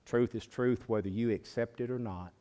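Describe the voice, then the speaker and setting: A male pastor preaching a sermon, moving from quiet low teaching to loud, high-pitched preaching. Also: normal speed.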